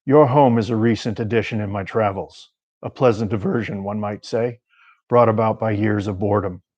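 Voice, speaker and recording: A man voicing an ancient male warlock who poses as a folksy handyman, speaking in a calm, measured, deep and clear voice. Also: dry recording, muffled recording, natural voice. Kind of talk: audiobook reading.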